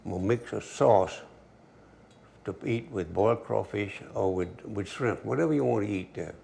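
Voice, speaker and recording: Give me an older man with a deep gravelly drawl, chatting through a cooking demo. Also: moderate pace. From Louisiana. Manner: relaxed drawl, storytelling asides. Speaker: cooking show host. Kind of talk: folksy cooking demonstration.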